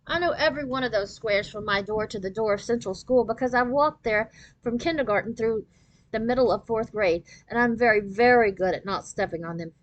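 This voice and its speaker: A woman's voice: fairly high pitch, brisk, lo-fi sound. Woman reading a children's book aloud. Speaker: storyteller.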